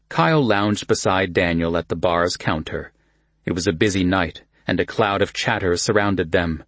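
A man narrating an audiobook in a calm, even storytelling manner. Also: low voice, no echo.

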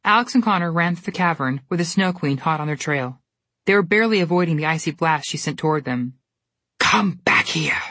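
Woman, storybook narrator, low voice, husky, dry close recording. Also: no echo. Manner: steady, expressive storytelling.

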